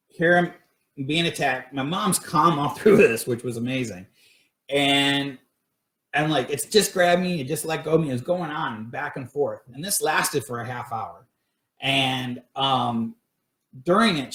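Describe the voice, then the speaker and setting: A man's voice: mid-range voice, fairly bright tone. Man telling a story in an echoey room. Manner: rambling, full of fillers and restarts. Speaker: paranormal research group director. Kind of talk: casual storytelling on a livestream. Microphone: phone or webcam livestream.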